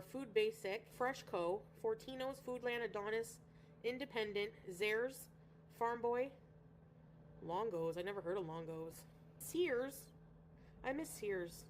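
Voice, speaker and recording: A woman's voice: fairly high pitch, a little hiss or hum. A woman from Canada chatting casually on a livestream, rambling and greeting viewers by name. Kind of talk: casual livestream chat reading viewer comments.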